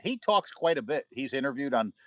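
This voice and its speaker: Casting: American man, medium pitch, loose storyteller, dry close sound. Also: sing-song, fairly quick, a bit bright, dry recording. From United States. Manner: rambling storyteller, swears freely. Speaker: livestream host. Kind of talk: casual chat with viewers. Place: indoors at home by a window.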